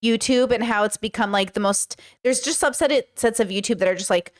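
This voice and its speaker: A woman's voice: on the high side, a little fast. A woman hosting a podcast, chatting in a rambling, casual way while reacting to a clip. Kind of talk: casual commentary.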